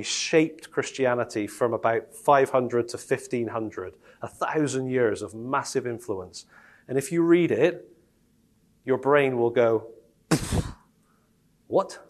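Male preacher, casual and animated, mid-pitched, heavy on rhetorical questions. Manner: lively, conversational, asks the audience rhetorical questions. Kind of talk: sermon.

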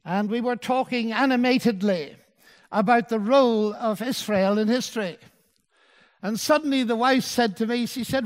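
A man preaching a sermon and telling a story, quoting the dialogue in a softened voice. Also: high voice, animated, normal speed, in a large hall.

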